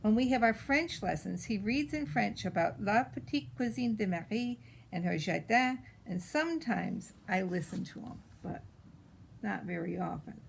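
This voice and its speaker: A woman voicing a precocious, spoiled little girl as she reads a storybook in character, with a pert, drawn-out way of stressing words. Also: mid-range voice, animated, creaky, a little hiss or hum, low-quality recording.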